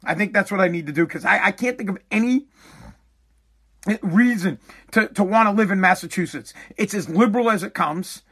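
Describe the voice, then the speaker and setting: A fed-up man, swearing freely as he rants through a long casual monologue. His voice sits notably high for a man, and his delivery is emphatic and exasperated. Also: a little fast, a bit bright, husky. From New England. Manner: exasperated, profane, emphatic ranting.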